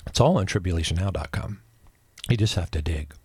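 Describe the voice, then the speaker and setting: A man in his fifties telling a personal religious testimony, rambling and emotional, with frequent restarts and excited outbursts. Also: low voice, brisk, breathy edge, no room sound. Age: 50s. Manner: rambling with many restarts and asides. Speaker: religious video speaker.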